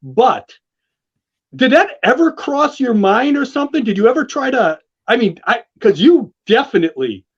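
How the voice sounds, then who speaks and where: A podcast host asking rambling, halting questions in an interview. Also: medium pitch, big pitch swings, slightly rough. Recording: dull lo-fi audio.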